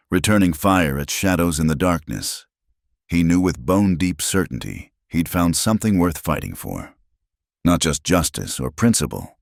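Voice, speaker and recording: A man narrating a scripted western story in a dramatic, measured way. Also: low voice, creaky, dry recording, clean studio sound.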